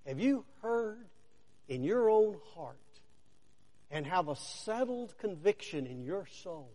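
A man with a high voice preaches slowly and deliberately, leaning on single words and letting long pauses hang between phrases. He presses the listener with rhetorical questions. His voice rings through a large sanctuary with a long reverb tail. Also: big pitch swings, warm tone. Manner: deliberate, with dramatic pauses and swells of emphasis. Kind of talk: sermon.

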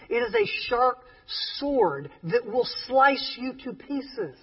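A man preaching a sermon as pastor, emphatic and animated, with joking asides. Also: extremely high pitch, takes it slowly, gravelly, hardly any pauses, far from the mic, lo-fi sound.

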